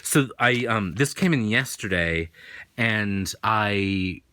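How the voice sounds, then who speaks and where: A man's voice: low-pitched, sharp tone. A man with a faint New England accent, chatting casually and rambling through an unboxing as host. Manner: rambling, chatty, self-deprecating. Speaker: tarot reader and host.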